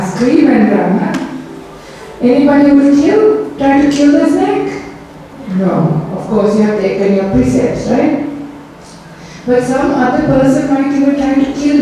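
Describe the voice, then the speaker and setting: A woman teaching children at a Dhamma school, telling a story gently and asking them lots of questions. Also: fairly high pitch, far from the mic, a little hiss or hum. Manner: slow, gentle, asks the children many questions. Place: temple hall. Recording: echoey hall, voice from afar.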